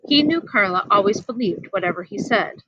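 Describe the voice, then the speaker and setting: A woman reading a children's novel aloud outdoors in the wind, animated and giving the characters voices. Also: medium pitch, a little fast, no room sound, dull audio. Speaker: reader. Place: outdoors, windy.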